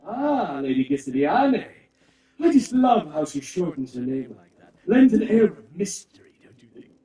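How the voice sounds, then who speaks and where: A fussy, chatty male aristocrat in a video game, gushing and rambling with theatrical flair. His high, lively voice has a mellow tone, and it sounds roomy and distant over game music. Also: a little slow.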